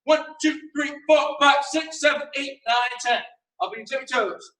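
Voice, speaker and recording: A young man teaching a martial arts class online, firmly giving orders and counting warm-up drills aloud. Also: very high-pitched, normal speed. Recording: echoey room, mic far off.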